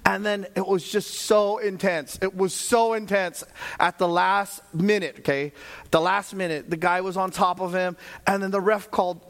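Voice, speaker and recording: Middle-aged male pastor, high voice, animated sermon storyteller who shouts for emphasis. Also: moderate pace.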